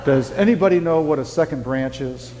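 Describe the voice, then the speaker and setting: Folksy pastor preaching in a reverberant church. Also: male voice, a little high, fairly quick, mellow. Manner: folksy, conversational preaching with asides to the congregation. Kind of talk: sermon. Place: church sanctuary. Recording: church sanctuary with long reverb.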